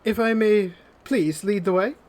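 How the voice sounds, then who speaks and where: A man's voice: high-pitched, unhurried, darkish tone, voice pushed up. A man voicing a modest, polite noblewoman showing guests around her home. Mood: gracious. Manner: polite, demure, humble. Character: gracious noble lady, modest hostess.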